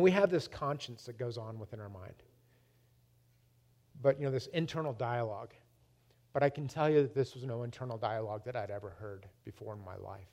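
A man preaching a personal testimony, emphatic, swinging between loud and hushed, often repeating his words. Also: medium pitch.

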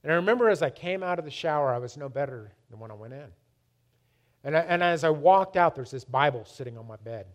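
A man preaching a personal testimony, emphatic, swinging between loud and hushed, often repeating his words. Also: a little high, lively intonation, fast talker.

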